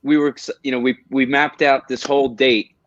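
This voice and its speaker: A man's voice: medium pitch, level tone, moderate pace, fairly bright tone, dull audio. A man chatting as a podcast guest, eagerly telling rambling stories. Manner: enthusiastic, rambling storyteller. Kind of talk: casual chat.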